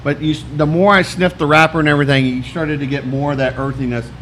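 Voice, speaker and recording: A man's voice: on the high side, steady tone, fast talker, a bit bright, slight background noise. A man co-hosting a casual podcast chat, jokey and talkative, giving detailed tasting notes. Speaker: podcast co-host.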